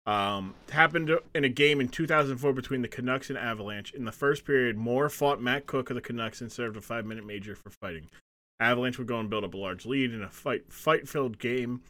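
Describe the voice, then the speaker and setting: A man's voice: mid-range voice, brisk, sharp tone. A man co-hosting a wrestling podcast in casual chat, laughing often and rambling between points. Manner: laughing, rambling, reads facts aloud. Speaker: podcast co-host.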